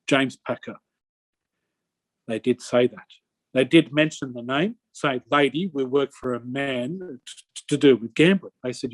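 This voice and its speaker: A middle-aged Australian man with a mid-range voice gives a rambling personal account in a conversational interview, recorded with no echo. He halts often and keeps restarting his sentences.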